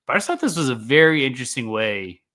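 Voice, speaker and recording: A man's voice: medium pitch, big pitch swings, fast talker, bright, forceful tone. A man co-hosting a casual sports podcast, explaining stats with dry humor. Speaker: podcast co-host.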